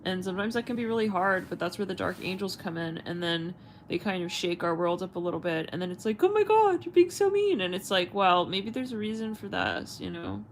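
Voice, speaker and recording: Rambling low-voiced woman tarot host. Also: a little fast, a little hiss or hum, rough recording. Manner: rambling, searching for words, frequent fillers and swearing. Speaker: tarot reader and channel host. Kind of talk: casual livestream chat.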